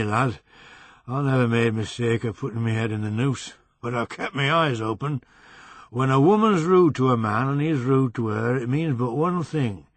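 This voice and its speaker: A man voicing Potter, a fat, drunk middle-aged man with a West Riding Yorkshire accent who talks in a loud, blunt, boozy way. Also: medium pitch, no room sound, close to an everyday voice.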